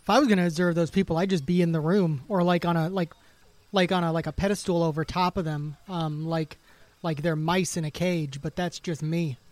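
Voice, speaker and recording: A man's voice: on the high side, fairly even intonation, brisk, a little mellow, dry recording. A man co-hosting a podcast, chatty and giggly, with many fillers. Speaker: podcast co-host. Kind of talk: casual chat.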